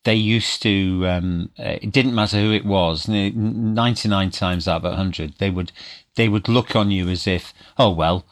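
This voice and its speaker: A man, an actor being interviewed, reminiscing casually with a halting, hesitant manner. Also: deep voice. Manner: halting, many fillers and restarts.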